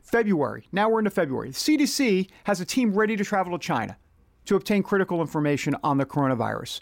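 A man's voice: high-pitched, sing-song, fast, creaky, no room sound. A man hosting a political commentary monologue, reading out quotes in an indignant, rhetorical manner.

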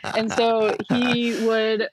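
A woman's voice: fairly high pitch, level tone, very slow, background noise. Woman, podcast guest, giggly, enthusiastic, rambling. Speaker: listener guest. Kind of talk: casual chat.

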